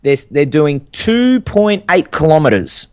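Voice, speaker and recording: A man's voice: fairly high pitch, very animated, takes it slowly, darkish tone, a little hiss or hum. A young man co-hosting a podcast, telling stories and reading listener reviews in an upbeat, enthusiastic way. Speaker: podcast co-host. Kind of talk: casual chat.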